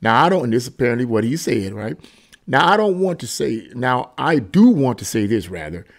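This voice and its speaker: A man's voice: medium pitch, big pitch swings, fairly quick. A man hosting a political commentary channel, talking casually and emphatically about a news article and often repeating himself.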